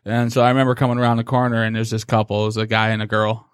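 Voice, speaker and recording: A man, a podcast guest, telling a story in a casual chat and acting out the quoted voices with a slow, menacing delivery. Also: lowish voice, level tone, clear, resonant tone, no echo, clean studio sound.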